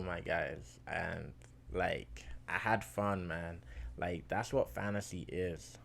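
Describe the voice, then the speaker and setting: A man casually talking fantasy basketball to his viewers in a chatty, slangy way, getting loud and excited over close wins. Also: low-pitched, slow pace, creaky. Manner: chatty, slangy, addresses viewers as bro and guys.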